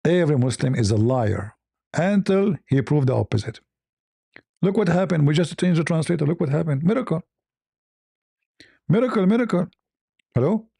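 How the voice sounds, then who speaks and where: Male debate host, sarcastic and challenging, highish mellow voice, dry close sound. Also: lively intonation, fairly quick, creaky, husky, no echo. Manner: sarcastic, challenging, rhetorical questions. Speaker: online debate show host. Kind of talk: polemical commentary.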